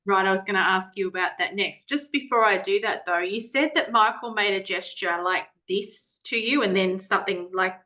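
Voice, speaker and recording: A woman acting as a methodical workplace investigator running a role-played interview. Her voice is bright and her questions are measured, careful and clarifying. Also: mid-range voice, lightly acted. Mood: calm.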